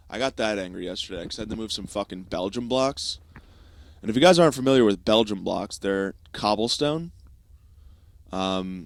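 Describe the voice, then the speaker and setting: A man's voice: lowish voice, dry recording. A young man from the United States hosting a podcast, telling a rambling, profane, self-mocking story in a casual comedic monologue. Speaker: podcast host.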